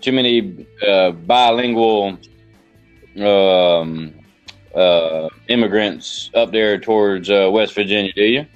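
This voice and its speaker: A man with a Southern American accent hosting a podcast, chatting casually in a rambling, halting way with many fillers. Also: fairly low pitch, smooth, highs cut off, faint music behind. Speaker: podcast host. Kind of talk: casual chat.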